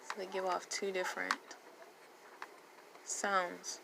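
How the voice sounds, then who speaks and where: A woman's voice: lowish voice, monotone, takes it slowly, creaky, very noisy. A woman teaching a phonics lesson, patiently repeating letter sounds and words. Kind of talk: slow phonics lesson for learners.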